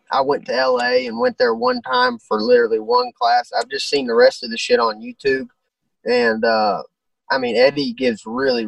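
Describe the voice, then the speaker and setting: Gravelly high-voiced young man, far from the mic. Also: dry recording. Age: 20s. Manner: laid-back, blunt and crude. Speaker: guest fighter. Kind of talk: casual interview chat.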